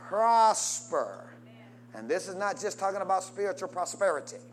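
Man, preacher, high voice, call-and-response sermon, prompting the congregation. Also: big pitch swings, normal speed. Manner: call-and-response preaching with wide swings in pitch and loudness.

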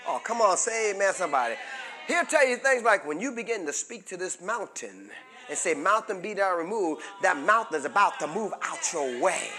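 A man preaching a sermon as pastor, drawing call-and-response answers from the congregation and building to fervent shouts. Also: sits high, expressive, normal speed.

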